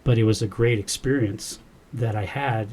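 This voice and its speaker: A man's voice: on the low side, moderate pace, a little mellow, slight background noise. A man, a podcast guest, earnestly recounting a personal experience and quoting the dialogue as he goes. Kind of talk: personal storytelling in a podcast interview.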